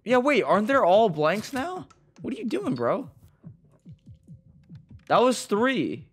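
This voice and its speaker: A man's voice: high voice, wildly swooping pitch, slow, fairly bright tone, husky, faint music behind. A young man giving gameplay commentary, swinging between nervous muttering and frustrated outbursts. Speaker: gaming YouTuber.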